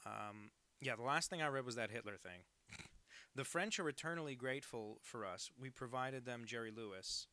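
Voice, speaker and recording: A man's voice: medium pitch, moderate pace, pushed and bright, no echo. A cartoonist talking casually on a live stream, rambling and joking as he reads out chat messages.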